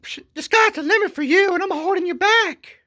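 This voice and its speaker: A man voicing a scheming woman zoo owner in a shrill, whiny falsetto. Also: a little fast, bright, forceful tone. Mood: gushing.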